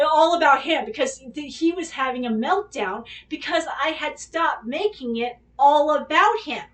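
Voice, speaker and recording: A woman with a slightly high voice tells a personal story in loose, rambling chat. She is candid and swears freely, acting out what each person said. She sits a bit back from the microphone, so her voice sounds slightly distant. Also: animated, normal speed, hardly any pauses. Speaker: podcast host.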